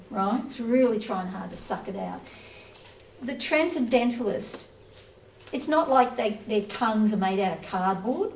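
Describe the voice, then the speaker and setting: A woman's voice: medium pitch, a little mellow. Woman teaching scripture in an echoey room. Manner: conversational, playful, acts out little scenes. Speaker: spiritual teacher. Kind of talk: casual lecture on scripture. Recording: roomy echo, from a distance, faint noise.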